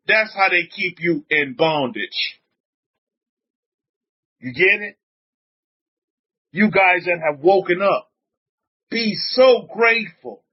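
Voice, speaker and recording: A man, a rabbi, preaching emphatically on a livestream, reading out chat comments and repeating his points. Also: husky. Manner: emphatic, repetitive preaching with frequent pitch swings. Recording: dull lo-fi audio.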